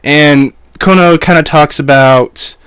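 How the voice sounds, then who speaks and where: A man's voice: a little high, slow pace, a bit bright, smooth, no echo. A young man casually reviewing an anime episode, rambling with fillers and frequent laughs.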